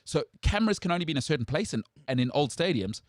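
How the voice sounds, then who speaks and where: A man's voice: quick pace, no echo, clean studio sound. A man hosting a sports talk show, holding forth with strong opinions in casual chat. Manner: animated, jumps high in pitch when outraged.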